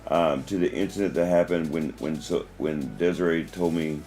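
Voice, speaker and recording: A man's voice: very deep voice, moderate pace, warm tone, faint music behind. A man, hosting a casual livestream and telling a story with many restarts. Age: 40s. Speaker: livestream host.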